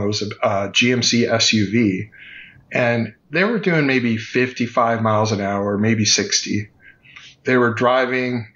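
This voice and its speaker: A man in his fifties, a podcast guest, recounting a personal story in vivid detail with quick restarts. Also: medium pitch, a bit bright, highs cut off.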